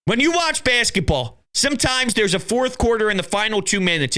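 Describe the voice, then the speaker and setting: Excitable high-voiced host. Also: male voice, moderate pace, few pauses. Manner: animated, shouts and acts out quotes. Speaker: show host. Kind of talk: excitable sports call-in chat.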